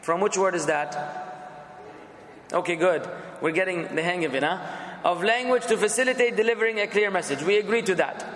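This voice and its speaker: A man's voice: sits high, brisk, fairly bright tone. A man teaching a class, talking casually and repeating questions to the students until someone answers. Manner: conversational, asks the class questions, repeats words. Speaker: instructor. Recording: echoey classroom, some background noise.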